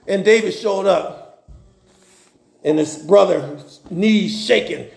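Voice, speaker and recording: A man with a very high, gravelly voice preaches in a roomy, echoing church. He retells scripture with folksy humor and loose, animated storytelling. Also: takes it slowly, pauses often. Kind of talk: sermon. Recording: roomy echo.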